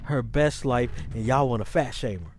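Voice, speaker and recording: A man hosting a podcast, talking in a casual, animated, rambling monologue with many restarts. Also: medium pitch, moderate pace. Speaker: podcast host.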